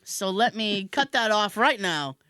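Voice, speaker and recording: A woman podcast host tells a comic story at an easy, unhurried pace. Her voice climbs and dips with every beat, and she breaks into laughter often. The sound is close and dry, with no room in it. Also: medium pitch, animated, sharp tone, clear, resonant tone, no echo. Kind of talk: casual comedic storytelling.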